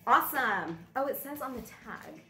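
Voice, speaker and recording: Middle-aged female vlogger, chatty and rambling, tense bright tone, echoey room. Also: high-pitched, animated, moderate pace. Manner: chatty, rambling, easily amused. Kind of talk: casual chat while unboxing. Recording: roomy echo, faint music behind.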